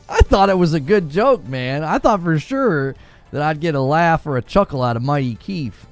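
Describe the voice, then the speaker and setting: A man's voice: fairly high pitch, animated, a little slow, soft background music. A man casually chatting with his live-stream audience, joking about slang and laughing often. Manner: joking, laughs often, mock-tough voices for quoted slang. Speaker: gaming streamer reading chat.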